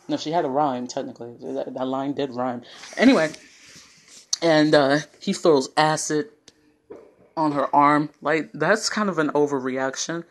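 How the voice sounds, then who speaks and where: A man's voice: fairly high pitch, unhurried, fairly bright tone. A man casually retelling a film scene by scene, rambling off on tangents with lots of fillers. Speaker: online video host. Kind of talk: casual movie recap.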